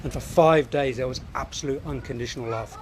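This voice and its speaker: A man's voice: mid-range voice, brisk, a crowd in the background. A man, hosting a live show and coaching viewers with earnest, reflective answers. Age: 50s. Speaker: host.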